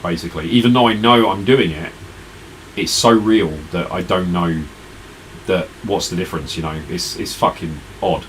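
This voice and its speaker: A man's voice: deep voice, moderate pace, a bit bright, a little hiss or hum, poor audio. A tired man streaming retro games, chatting casually and rambling to his viewers. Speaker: retro gaming live streamer. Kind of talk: casual live-stream chat.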